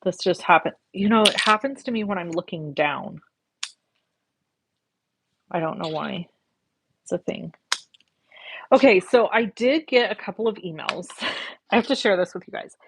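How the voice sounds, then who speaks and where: A woman's voice: mid-range voice, normal speed, pauses often, a bit bright, slight background noise. A woman hosting a card-making livestream, chatting casually with viewers as she works, reading their comments aloud and cussing a little. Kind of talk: casual chat while crafting live.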